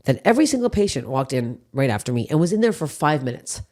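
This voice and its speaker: A woman hosting a podcast, telling stories in casual chat with lots of swearing. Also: rumbling low. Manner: rapid, profane, animated storytelling. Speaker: podcast host.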